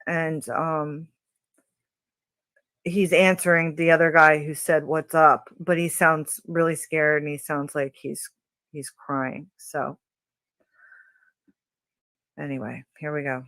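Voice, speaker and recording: A woman hosting a true crime channel, describing audio clips in a hesitant way with many pauses and fillers. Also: sits low, no room sound. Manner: hesitant, many ums, slow and even.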